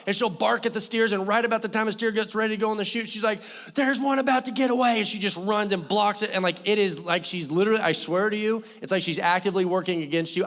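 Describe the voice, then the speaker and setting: Young pastor in an echoing church hall, animated, joking storyteller, somewhat high voice. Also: male voice. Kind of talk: sermon.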